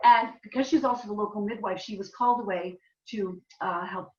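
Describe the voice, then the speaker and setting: A woman's voice: medium pitch, a little fast, a little mellow. A woman playwright from Canada telling the story behind her play in a rambling, chatty way. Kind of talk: casual talk at a reading. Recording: distant roomy dull live recording.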